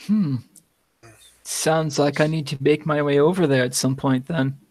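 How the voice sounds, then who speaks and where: A man casually chatting as a player in a tabletop game, easygoing and quick to laugh. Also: fairly high pitch, fairly even intonation, darkish tone.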